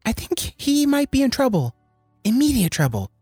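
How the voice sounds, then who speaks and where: A woman's voice: high voice, very animated, moderate pace, darkish tone, husky, dry recording, studio quality, faint music behind, full character voice. A woman playing a worried adventurer in a tabletop game who speaks hesitantly.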